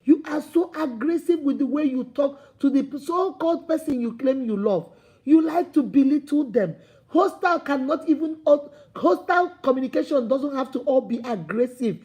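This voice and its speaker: A woman relationship coach giving an animated, preachy vlog talk, speaking straight to her viewers as sister and brother and acting out quoted dialogue. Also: high voice, normal speed. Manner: acts out quoted dialogue in playful voices. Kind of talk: motivational vlog talk to camera.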